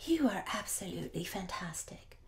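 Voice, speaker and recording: A woman's voice: on the low side, sing-song, normal speed, creaky, in a whisper. A woman preacher voicing a loving peasant wife who gushes with delighted praise for her husband. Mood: adoring.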